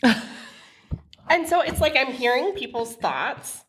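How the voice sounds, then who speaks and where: A woman's voice: high voice, very animated, slow, a bit bright. A woman, co-hosting a podcast and telling stories in a playful, chatty way. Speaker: podcast co-host. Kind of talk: casual chat.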